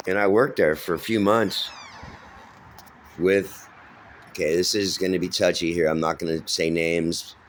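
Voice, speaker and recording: A man's voice: rumbling low, a little hiss or hum. A middle-aged man from San Francisco, rambling through his life story in casual, profane talk full of fillers and restarts.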